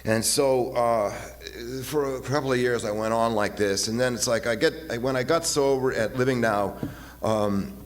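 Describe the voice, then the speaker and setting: A man in his fifties giving a halting, personal talk at a recovery meeting, often repeating his words and acting out voices as he retells. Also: mid-range voice. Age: 50s. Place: meeting hall. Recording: long hall reverb, faint hiss.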